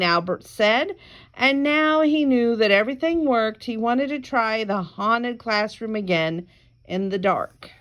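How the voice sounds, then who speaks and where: Woman, storybook read-aloud, very slow and deliberate, higher-pitched, chatty asides. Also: lively intonation, fairly bright tone, lo-fi sound. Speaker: reader. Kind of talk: reading a picture book aloud.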